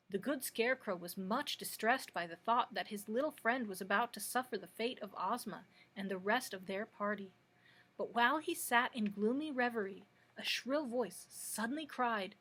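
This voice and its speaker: A woman librarian reading a storybook aloud in a plain, steady way, with a husky voice. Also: medium pitch, moderate pace.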